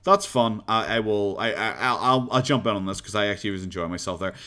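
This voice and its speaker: A man's voice: lowish voice, fast talker, sharp tone. A man with an Irish accent chatting casually on a live stream, rambling, laughing often and swearing freely as he reads comments.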